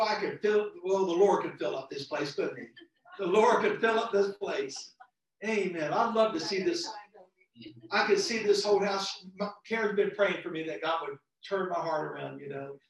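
Guy preaching a fired up sermon, kinda high voice, recorded far off in a super echoey church. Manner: fervent preaching with excited high outbursts. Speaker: visiting lay preacher.

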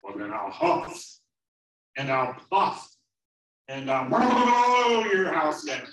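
A man voicing a demanding big bad wolf in a children's story, drawing out his threats slowly and loudly. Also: on the high side, sing-song, pitched above the performer's own voice, exaggerated voice. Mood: menacing. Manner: slow, loud, drawn-out threats. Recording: roomy, from far off.

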